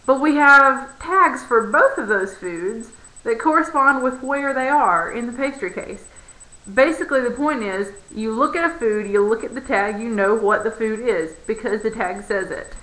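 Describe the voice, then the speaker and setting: A woman's voice: fairly high pitch, normal speed, pushed and bright. A young adult woman, a barista, ranting to camera in a sarcastic, exasperated way. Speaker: barista vlogger. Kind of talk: casual rant to camera. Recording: roomy echo.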